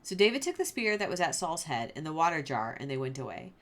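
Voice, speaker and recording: A woman's voice: low voice, sing-song, fast talker, fairly bright tone. A woman who hosts a Bible study, reading passages aloud and commenting on them in a chatty, informal way. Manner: chatty and informal, lots of "like" and fillers.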